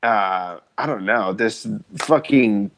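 A man's voice: lowish voice, slow pace, a bit bright, a little hiss or hum. A young man co-hosting a casual chat, rambling loosely with fillers and swearing. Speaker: podcast co-host.

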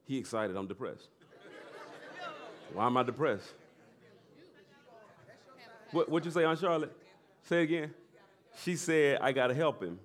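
A middle-aged male pastor preaching a sermon in a loose conversational way, with laughing asides and loud bursts of emphasis. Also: a little high, measured pace, long pauses.

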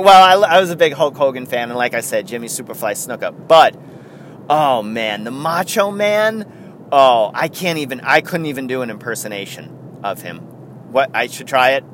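A man's voice: on the high side, a bit bright, a little hiss or hum. A man hosting a podcast, chatting casually with lots of chuckles and rambling asides. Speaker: podcast host.

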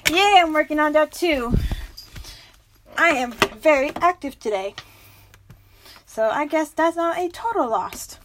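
Brief: young woman vlogger, high voice, rambling self-mocking chat, faint hiss behind. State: jittery from coffee, talking fast. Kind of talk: casual vlog chat.

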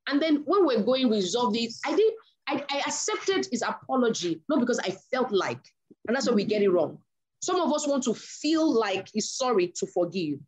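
Woman, sermon, animated storyteller, slightly high voice. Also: normal speed, breathy edge. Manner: animated storyteller acting out dialogue. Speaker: preacher.

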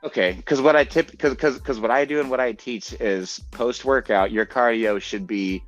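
A man hosting a fitness podcast, talking quickly and eagerly, restarting and repeating words as he makes his points. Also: mid-range voice, faint music behind. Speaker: podcast host and fitness coach. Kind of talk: casual podcast chat. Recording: dull lo-fi audio.

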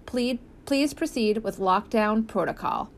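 A woman's voice: fairly high pitch, a little slow, a little hiss or hum. A woman voicing a school public-address announcer making a formal, urgent announcement in an audiobook.

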